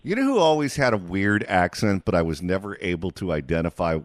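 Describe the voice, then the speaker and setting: A man hosting a call-in radio talk show, jokey and quick to move between callers. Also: low-pitched, very animated, no room sound, clean studio sound. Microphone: studio mic.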